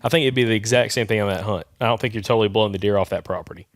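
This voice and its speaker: A man co-hosting an outdoors podcast, talking in a folksy way and reading aloud haltingly. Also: on the low side, no room sound, clean studio sound. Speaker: podcast co-host. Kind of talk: casual chat.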